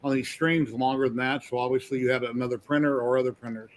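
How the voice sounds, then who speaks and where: A man's voice: medium pitch, fairly even intonation, fast talker. A man chatting casually on a stream, telling shipping stories in a plain matter-of-fact way. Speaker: stream guest. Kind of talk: casual chat.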